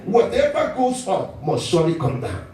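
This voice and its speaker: A man preaching a sermon as pastor, animated and often chuckling as he talks. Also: sits high, normal speed. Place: church hall. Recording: echoey church hall, mic at a distance.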